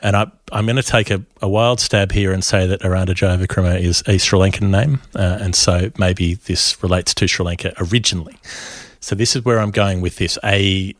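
A man's voice: sits low, steady tone, fairly quick, dry recording, studio quality. A man co-hosting a cricket podcast, talking in a playful, jokey, rambling way. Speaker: podcast co-host. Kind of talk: casual cricket chat.

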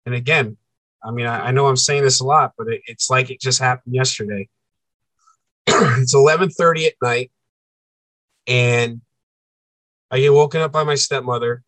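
A man telling a personal story as an interview guest, earnest and halting, often repeating himself for emphasis. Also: mid-range voice, fairly even intonation, fairly bright tone, dry recording, low-quality recording.

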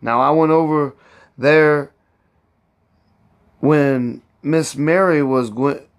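A man voicing an elderly woman cook who is proud and bossy, speaking in heavy old Southern dialect and scolding as she talks. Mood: gossiping. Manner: raised pitch, drawn-out words.

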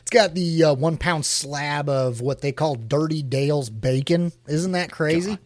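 A man co-hosting a casual chat, laughing often and telling stories with animated energy. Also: a little high, unhurried, slight background noise. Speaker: podcast co-host.

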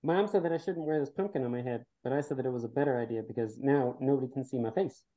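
A man voicing a small girl who wears a whole pumpkin over her head, talking in a quick, muffled, matter-of-fact way. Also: mid-range voice, warm tone, natural voice.

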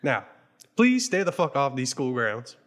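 A man's voice: medium pitch, measured pace. A man playing an exasperated, foul-mouthed school principal in a comedy sketch read among friends. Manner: exasperated, swearing, deadpan.

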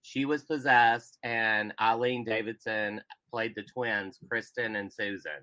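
Man chiming in, bright dry voice. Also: on the low side, steady tone, measured pace, no echo. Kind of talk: casual chat.

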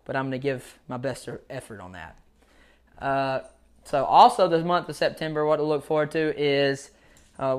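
A man's voice: a little high, a bit bright. Casual self-deprecating male podcast host. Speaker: jiu-jitsu coach. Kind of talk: solo podcast monologue.

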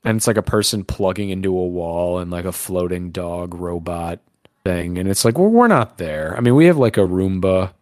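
A man's voice: sits low, normal speed, a little mellow, dry recording, studio quality. A man co-hosting a podcast, rambling and joking crudely in casual banter. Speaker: podcast co-host.

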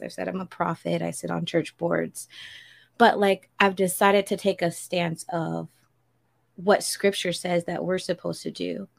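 A woman's voice: fairly low pitch, vocal fry. A woman on a podcast making an earnest, preacherly appeal to listeners and quoting scripture. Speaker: podcast regular. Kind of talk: heartfelt spiritual appeal.

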